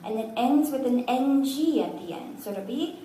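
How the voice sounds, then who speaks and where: A woman teaches a language class, patiently sounding out words syllable by syllable and adding good-humored asides. Her high-pitched voice is expressive and warm at a moderate pace, picked up from far off in an echoey room with slight background noise.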